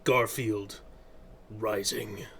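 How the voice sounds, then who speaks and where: A grave movie-trailer announcer, as a man puts him on, low and portentous. He draws out each phrase slowly and dramatically, as if heralding a blockbuster. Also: fairly even intonation, gravelly, fairly bright tone, a little hiss or hum, full character voice. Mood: ominous. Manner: slow, dramatic, portentous delivery. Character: solemn deep-voiced male movie-trailer announcer.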